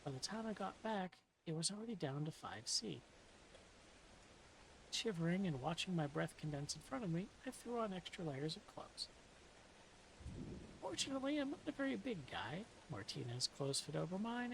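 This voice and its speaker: A woman reading a novel aloud in a soft-spoken ASMR style, slipping into whispers now and then, with dry, deadpan humor. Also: on the low side, moderate pace, creaky, a little hiss or hum, poor audio. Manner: soft, dips into whispers at times.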